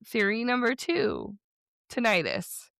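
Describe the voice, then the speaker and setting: A woman co-hosting a podcast in casual chat, telling stories in a chatty, rambling way with quick bursts. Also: on the high side, huge pitch swings, creaky, a bit bright, slight background noise. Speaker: podcast co-host.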